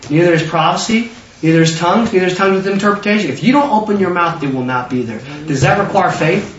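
A man preaching a sermon who acts out biblical figures in excited voices. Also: high-pitched, quick pace, a little hiss or hum. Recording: roomy, distant, dull lo-fi sound.

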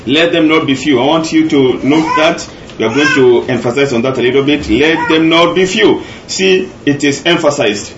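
A man's voice: medium pitch, moderate pace, lo-fi sound, background noise. Earnest preacher man in echoey room. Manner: earnest, repetitive emphasis. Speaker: pastor. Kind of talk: sermon teaching.

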